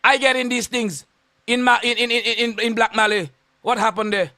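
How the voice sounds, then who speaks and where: A man with a Saint Lucian accent rants on the radio, his voice sitting unusually high for a man. He hurls insults and keeps repeating his warnings in a combative, confrontational way. The sound is dry, with no room echo. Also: steady tone, moderate pace, pushed and bright. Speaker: radio host. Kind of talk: on-air rant.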